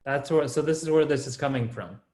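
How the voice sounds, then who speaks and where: A man's voice: a little high, brisk, darkish tone. Man teaching an online class, echoey room. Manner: explaining step by step, checking in with "right?" and "okay?". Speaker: Sanskrit teacher.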